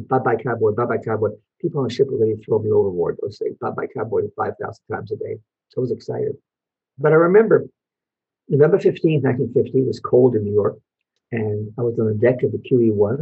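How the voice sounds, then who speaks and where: Husky older man telling his story. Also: medium pitch, phone-quality sound. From Belgium. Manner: storytelling, asks the audience questions, short pauses. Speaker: Holocaust survivor speaker. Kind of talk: personal testimony talk to an audience, showing photos.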